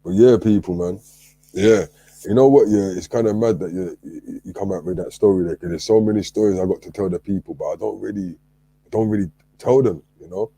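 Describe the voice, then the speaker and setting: Mellow husky host. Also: male voice, sits low, a little fast, no room sound. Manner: laid-back, addresses the audience directly. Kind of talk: casual chat.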